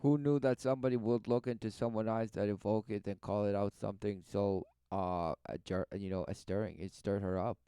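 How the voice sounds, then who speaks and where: Smooth-voiced man preaching over a clip. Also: on the low side, steady tone, brisk, few pauses, warm tone, no room sound. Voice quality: exhorting, emphatic preaching manner. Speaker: commentator reacting to a video. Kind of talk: preachy religious commentary.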